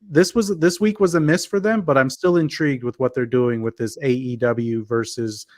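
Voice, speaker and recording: Halting man on a dry podcast mic. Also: medium pitch, fairly even intonation, a little mellow, dry recording. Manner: halting, with frequent restarts and fillers. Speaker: podcast co-host. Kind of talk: casual wrestling review chat.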